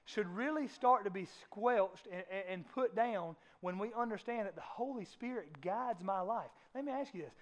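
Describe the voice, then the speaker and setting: High-voiced man preaching with passion. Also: lively intonation, moderate pace, few pauses. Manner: impassioned preaching, rising and falling, acts out voices in a casual way. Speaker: pastor. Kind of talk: sermon.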